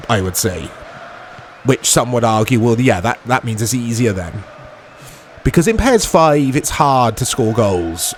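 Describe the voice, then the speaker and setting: A man hosting a gaming channel, chatting and joking through a let's play, laughing often and bursting into excited play-by-play. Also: mid-range voice, a little hiss or hum.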